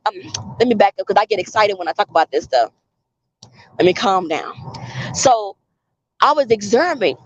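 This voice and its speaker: A woman's voice: medium pitch, slight background noise. Earnest woman vlogger, lo-fi sound. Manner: earnest, repeats phrases for emphasis; preachy, cites scripture. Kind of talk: casual spoken monologue.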